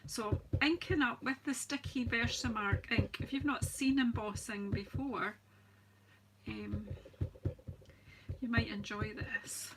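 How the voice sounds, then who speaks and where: A woman's voice: on the high side, fairly even intonation, slow, background noise. A woman with a Scottish accent hosting a live crafting demonstration, chatting in a homely way, greeting viewers and laughing often. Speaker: craft demonstrator, channel host. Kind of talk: live-stream crafting demo, casual chat.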